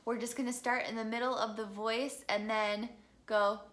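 A woman's voice: a little high, flat delivery, normal speed, fairly bright tone. A young woman from the Midwest teaching a singing lesson, chatty and encouraging as she walks through vocal exercises. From American Midwest.

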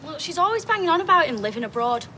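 An actress playing a blunt, sharp-tongued teenage girl with a Northern English accent in a TV soap drama. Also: high-pitched, big pitch swings, quick pace. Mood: agitated. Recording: TV drama with background noise.

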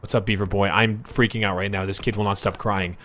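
A man's voice: fairly low pitch, level tone, a little fast, fairly bright tone, slight background noise. A young man streaming a video game live, swearing in frustration and ranting as a baby cries over the voice chat. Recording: music playing behind. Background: game music and a baby crying.

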